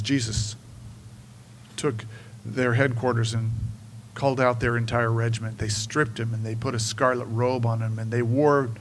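A man preaching a sermon in an emphatic way, swinging between hushed and raised delivery. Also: medium pitch, a little hiss or hum, low-quality recording.

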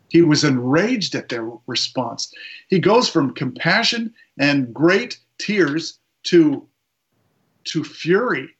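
A man's voice: fairly high pitch, fairly bright tone. Man preaching, dull lo-fi sound. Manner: retells a story with quoted voices, slows for emphasis. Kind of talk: sermon storytelling.

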